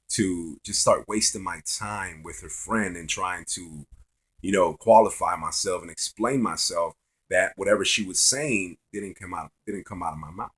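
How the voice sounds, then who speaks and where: Husky, forceful man telling a dating story. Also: on the low side. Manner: profane, loose, repetitive. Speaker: dating advice vlogger. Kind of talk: casual storytelling monologue.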